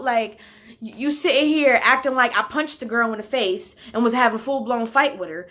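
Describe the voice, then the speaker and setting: A young woman casually telling a storytime, animated and heated, with slang and swearing, sometimes sinking to a near whisper. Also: on the high side, a little fast. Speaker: vlogger.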